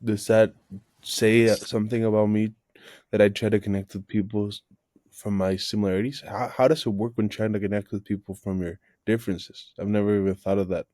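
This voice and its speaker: Low flat-voiced guy, mellow tone, dry close sound, hesitant and thinking out loud. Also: fairly quick, no room sound. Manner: hesitant, reflective. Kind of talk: casual chat.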